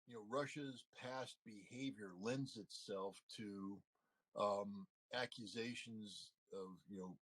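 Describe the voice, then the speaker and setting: Husky, low-voiced man, middle-aged, emphatic interview guest. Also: poor audio. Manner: emphatic, frequent "you know" and "I mean" fillers. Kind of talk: casual spoken analysis.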